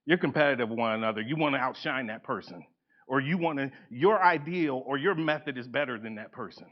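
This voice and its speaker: A man presenting a live workshop to an audience in a conference room. He is animated, acts out the people he quotes, and laughs often. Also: mid-range voice, a little fast. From United States. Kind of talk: live seminar lecture. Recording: dull lo-fi event recording.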